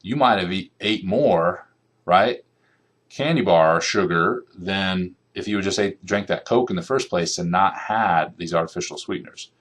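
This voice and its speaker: A man's voice: low-pitched, a little slow, fairly bright tone. A middle-aged man giving a classroom lecture, conversational and loose, often checking in with the students with "okay" and "right". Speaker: nutrition lecturer.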